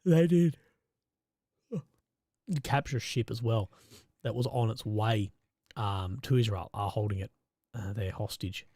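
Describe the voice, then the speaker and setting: A man's voice: fairly low pitch, unhurried, long pauses, a little mellow. A man, talking off the cuff on a live stream. He stays casual and rambling, swears freely and keeps restarting his sentences. The sound is dry and close, with no room echo. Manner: loose and conversational, swears often, restarts sentences. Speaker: independent reporter and live-stream host. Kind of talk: casual live-stream commentary, reading viewer chat.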